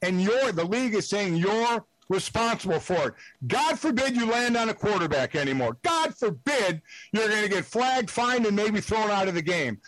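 Guest analyst: blunt ex-player man, higher voice, dry phone-in sound, rambling and emphatic. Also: expressive, normal speed, fairly bright tone, dry recording, low-quality recording. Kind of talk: sports talk radio call-in. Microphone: phone line.

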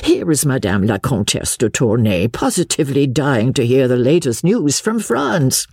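A bluff English noblewoman with coarse manners and blunt bluster, played by a woman reader. The voice jumps about with lively emphasis. The sound is husky and dry. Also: a bass voice, moderate pace, no echo, heavily acted. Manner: blunt, loud, jockey-like bluster.

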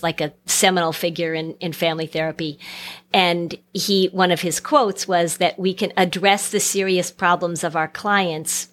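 Low-pitched woman guest, chatty and wry. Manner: warm, self-deprecating humor, frequent "um" and restarts. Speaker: guest psychotherapist and author. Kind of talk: casual interview chat.

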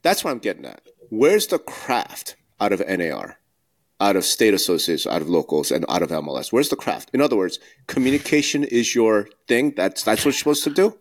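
A man's voice: on the low side, very animated, brisk. A man co-hosting a podcast, talking bluntly and emphatically, firing off rhetorical questions. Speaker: podcast co-host. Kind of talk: casual podcast discussion.

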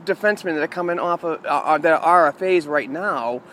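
A man's voice: a little high, a little fast, a bit bright, slight background noise. A man co-hosting a casual sports talk show, laying out his views in a confident, emphatic way. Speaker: co-host of a hockey talk show. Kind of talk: casual analytical chat.

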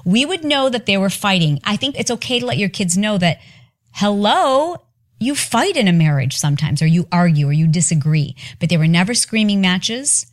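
A woman hosting a podcast, telling stories and giving advice in a chatty, animated way with lots of filler words. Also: mid-range voice, moderate pace. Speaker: podcast host. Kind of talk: casual storytelling monologue.

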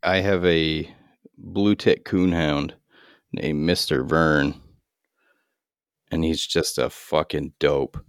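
A man's voice: a bass voice, fairly even intonation, slow pace, pauses often, smooth, dry recording, clean studio sound. A man hosting a podcast in casual chat, laid-back, swearing freely and laughing often. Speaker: podcast host.

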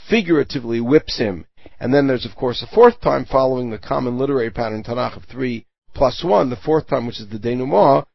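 Gravelly, husky man teaching a Torah lesson. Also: medium pitch, no echo. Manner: translates Hebrew verses line by line, explaining with everyday examples. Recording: dull lo-fi recording.

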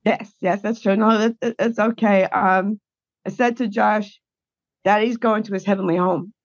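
Wanita blak-blakan, suara agak redam. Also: female voice, medium pitch, fairly even intonation, normal speed, no echo, muffled recording. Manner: blunt, indignant storytelling. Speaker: guest caregiver. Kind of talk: emotional personal account.

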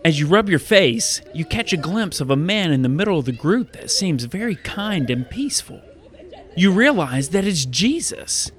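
A male pastor who hosts a Bible podcast, telling stories and teaching preteens in an upbeat, animated way. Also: fairly high pitch, moderate pace.

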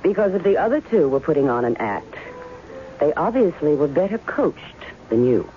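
An actress playing a guarded woman testing a man who claims to be her ex-husband in a 1970s radio drama, cool and sharp. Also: low-pitched, sing-song, normal speed. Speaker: radio drama actor and first-person narrator. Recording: tinny old radio broadcast with faint music.

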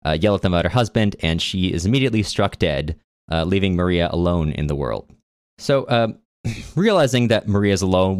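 A man co-hosting a casual book podcast, retelling a story with chatty, wry asides. His voice is low and deep. The recording is dry and close, with no room sound. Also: no room sound. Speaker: podcast co-host.

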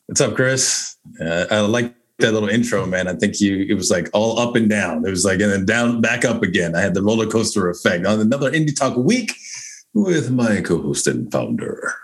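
Lively, laughing podcast co-host, man. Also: on the low side, moderate pace. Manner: laughs often, loose and rambling. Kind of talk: casual podcast chat.

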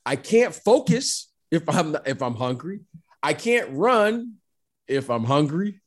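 Middle-aged guy chatting, lively swooping voice, a bit high, really emphatic. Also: slow. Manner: animated storyteller, repeats the host's name, emphatic. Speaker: former basketball player, guest. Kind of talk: casual chat.

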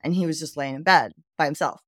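A low-voiced woman from the southern United States talks fast as a podcast guest, candidly telling her life story. She acts out the dialogue as she goes, quoting people and laughing in an animated personal storytelling interview. The studio-quality recording has no echo.

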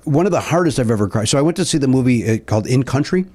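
A man's voice: medium pitch, animated, racing, a little mellow. Rambling middle-aged man telling stories. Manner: rambling storyteller, trails off and restarts. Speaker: comedian and co-host. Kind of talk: casual chat.

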